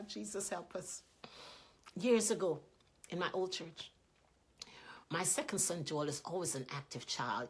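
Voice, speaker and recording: A middle-aged woman minister preaching a sermon, telling stories earnestly and breaking into loud outbursts. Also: mid-range voice, breathy edge. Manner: earnest, animated storytelling with sudden loud outbursts.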